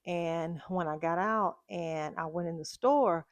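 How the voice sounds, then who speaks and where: A woman chatting casually as a fragrance vlogger, telling stories in a relaxed, drawn-out way. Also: on the low side, dry recording. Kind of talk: casual chat.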